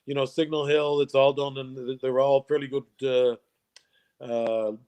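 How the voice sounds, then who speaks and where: A man's voice: medium pitch, little pitch movement, measured pace, a little mellow, smooth. Jokey man telling stories. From Newfoundland, Canada. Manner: jokey storyteller, laughs often, restarts phrases. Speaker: guest. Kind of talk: casual interview chat.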